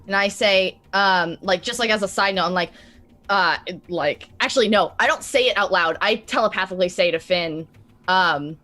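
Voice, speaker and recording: Woman, tabletop player, excitable, rambling, swears, mid pitch. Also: normal speed. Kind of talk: casual tabletop play.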